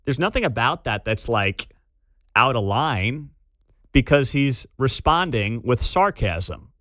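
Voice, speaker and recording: A man hosting a morning talk radio show, animated and opinionated, with quick laughs. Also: mid-range voice, no echo, studio quality. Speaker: radio host. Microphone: studio microphone.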